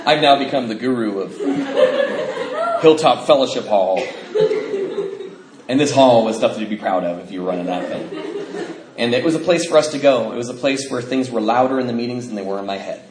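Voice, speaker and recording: A man's voice: mid-range voice, fairly quick, long pauses. Joking man speaking in a roomy hall. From Bellingham, Washington. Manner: joking, self-mocking, with frequent fillers. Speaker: recovery speaker. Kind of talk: storytelling talk to a live audience. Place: convention hall before an audience. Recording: roomy hall, noisy live recording.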